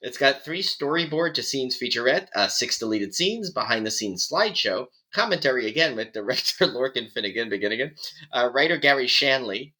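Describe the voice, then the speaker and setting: A man's voice: medium pitch, expressive, a little fast, pushed and bright, low-quality recording. A man co-hosting a horror podcast, chatting casually and reading release details. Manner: rambling, restarts, chuckles. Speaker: podcast co-host. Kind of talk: casual chat.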